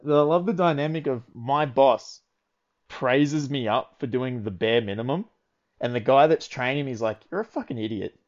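A man's voice: medium pitch, moderate pace. A young man, telling rambling work stories in casual chat. He swears constantly and laughs through his own anecdotes. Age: early 20s. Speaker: podcast co-host. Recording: lo-fi dull audio.

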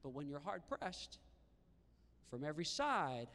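A man preaching a sermon to a live congregation in a church hall, animated and acting out quoted voices. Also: a little high, unhurried. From Canada. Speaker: pastor. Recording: long hall reverb.

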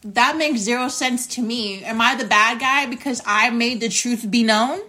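A woman's voice: fairly high pitch, normal speed, pushed and bright, faint music behind. A young woman hosting a podcast, telling a personal story in a blunt, indignant monologue with plenty of swearing. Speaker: podcast host.

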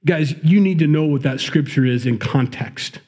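A man's voice: a little high, moderate pace, a little mellow, slightly rough. A man with a Midwestern accent preaching a sermon, reading scripture and breaking off into conversational, emphatic commentary. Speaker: pastor.

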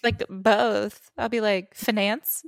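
A woman co-hosting a podcast in casual, animated chat, giggling often. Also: mid-range voice, vocal fry, no room sound, studio quality. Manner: animated, giggly, quick asides. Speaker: podcast co-host.

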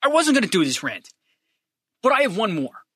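A man's voice: high-pitched, a little fast, breathy edge, no echo, studio quality. A man hosting a podcast, delivering a profane, fired-up sports fan rant with lots of repeated emphasis. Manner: lively swings between loud and hushed. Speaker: podcast host.

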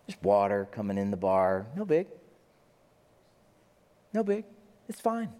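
A man preaching a sermon in an animated way, briefly acting out the people he talks about in quick put-on voices. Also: on the high side. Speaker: pastor. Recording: long hall reverb.

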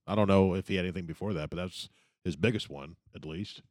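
A man's voice: low voice, fast, a little mellow, no room sound, clean studio sound. A man in casual chat, matter-of-fact and full of trivia.

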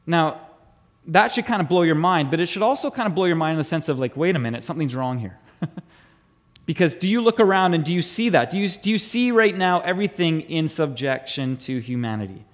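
Pastor, male, high animated voice; chatty sermon delivery that quizzes the room. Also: fairly quick. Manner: chatty, asks the congregation questions, repeats words. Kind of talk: conversational sermon.

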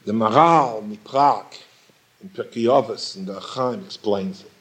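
A man's voice: on the low side, a little slow, fairly bright tone. A man teaching a Torah lecture, posing questions and repeating phrases for emphasis. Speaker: rabbi teaching Talmud.

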